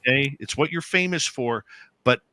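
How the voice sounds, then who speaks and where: A man's voice: mid-range voice, normal speed, bright, forceful tone. A man hosting a radio interview, talking in an earnest, slightly hesitant way. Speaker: radio show host. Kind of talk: casual interview talk.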